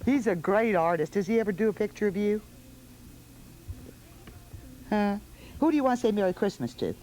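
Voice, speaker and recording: A woman's voice: medium pitch, animated, normal speed, mellow, slight background noise, poor audio. A woman hosting a holiday television show in a studio, coaxing small children with sing-song questions. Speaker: television host.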